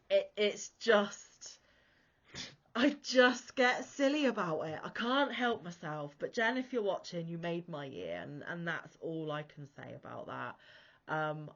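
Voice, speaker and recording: A woman hosting a crochet channel, chatting casually to camera in a gushy, excitable way. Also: fairly low pitch, normal speed. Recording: dull lo-fi audio.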